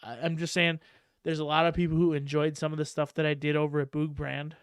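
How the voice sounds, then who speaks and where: A male podcast host with a smooth, slightly high voice, talking fast and loose with plenty of swearing and laughter. The close, dry recording leaves almost no room sound. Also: dry recording. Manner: animated, profane, laughs often. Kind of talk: casual podcast chat.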